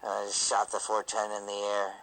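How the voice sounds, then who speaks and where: A man's voice: fairly low pitch, monotone, fairly quick, fairly bright tone, rough recording. A man telling a family story in a rambling, profane, loose way. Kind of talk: casual spoken storytelling.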